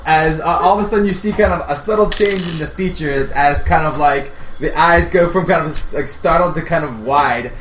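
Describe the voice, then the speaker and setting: A man playing a tabletop game, describing his character's actions hesitantly, with many pauses. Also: a little high, a bit bright. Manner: hesitant, full of fillers. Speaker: player. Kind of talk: casual tabletop play. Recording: echoey room with background noise.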